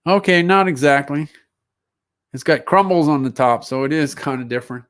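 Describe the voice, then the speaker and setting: Guy on a livestream reading off product listings and musing to himself, voice a bit on the high side. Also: normal speed, fairly bright tone. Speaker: livestream seller host. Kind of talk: casual solo livestream commentary.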